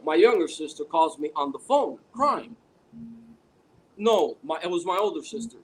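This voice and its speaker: A man telling a long story in a casual podcast chat, rambling and animated with many restarts. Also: high voice, a little hiss or hum, rough recording. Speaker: podcast guest.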